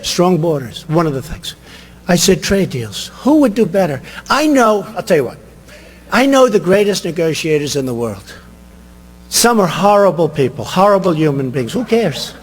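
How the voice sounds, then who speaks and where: A man's voice: high voice, a little hiss or hum. An older man giving a rambling, boastful campaign rally speech, repeating himself. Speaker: political candidate. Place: large rally venue. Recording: reverberant hall, long echo.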